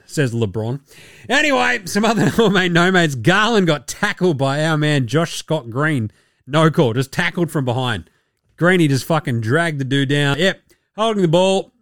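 An Australian man hosting a sports podcast, talking in a profane, joking, excitable way. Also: a little high, no echo, studio quality. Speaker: podcast host. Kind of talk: casual sports commentary.

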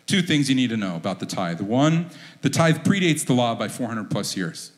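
A man's voice: mid-range voice, big pitch swings, moderate pace. Joking pastor preaching to his congregation. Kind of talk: sermon.

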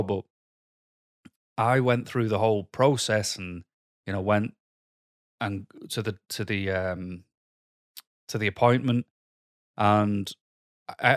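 Frustrated man, low and dry. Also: dry recording. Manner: candid, halting, heavy with "you know" fillers; frustrated, heated. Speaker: vlogger. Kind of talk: personal storytelling to camera.

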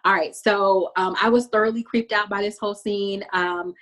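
A woman's voice: mid-range voice, steady tone, normal speed, a bit bright. A woman hosting a casual podcast, recapping a TV episode in a chatty way with frequent laughs and fillers.

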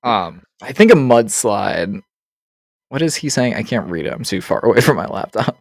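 A man's voice: fairly low pitch, big pitch swings, normal speed, vocal fry, no room sound, studio quality. A man hosting a podcast in loose, profane casual chat, often laughing. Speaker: podcast host.

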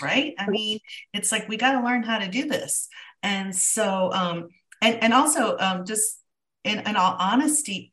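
A woman's voice: mid-range voice, a bit bright. A woman hosting a podcast in casual chat, bubbly and self-deprecating, laughing often. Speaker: podcast host. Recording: voice a bit distant from the mic.

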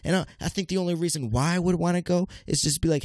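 A man's voice: fairly high pitch, fast talker, few pauses, darkish tone, no room sound, studio quality. A man in his late twenties with a congested, nasal voice, hosting a casual solo podcast in a rambling, stammering way and speaking straight to his listeners. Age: late 20s. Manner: rambling, stammering, keeps calling listeners "people". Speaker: podcast host.

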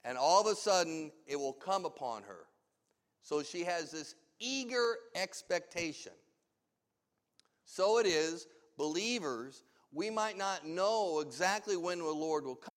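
Slow high-voiced preacher in a hall. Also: male voice, lively intonation. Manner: slow, emphatic preaching with rhetorical questions. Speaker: pastor. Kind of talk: sermon. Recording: long hall reverb.

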